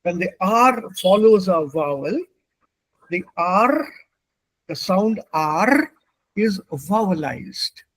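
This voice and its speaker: A male teacher explains pronunciation to his class with patience, moving between German and English as he goes. His voice sits high for a man and has a husky edge. He speaks slowly, and the sound is dry and close. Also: expressive, no room sound. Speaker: language teacher. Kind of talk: classroom instruction.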